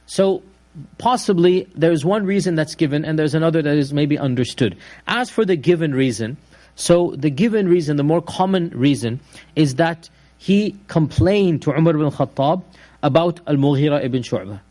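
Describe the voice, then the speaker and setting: A man's voice: a little high, normal speed, mellow. A man giving an Islamic history lecture, telling the story in a conversational way with frequent restarts and asides.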